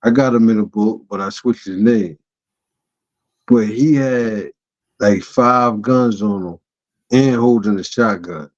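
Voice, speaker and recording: Animated storytelling man, lo-fi sound. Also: slow. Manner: animated, acts out quoted voices with sudden pitch jumps. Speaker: co-host. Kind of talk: casual storytelling chat. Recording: dull lo-fi audio.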